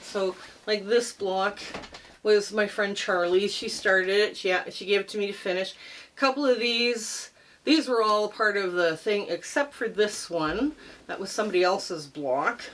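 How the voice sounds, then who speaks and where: A woman's voice: mid-range voice, unhurried, fairly bright tone, low-quality recording. A middle-aged woman hosting a quilting channel, chatting casually and rambling a bit as she shows a quilt top in her sewing room. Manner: chatty, rambling, friendly sign-off. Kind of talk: casual show-and-tell vlog.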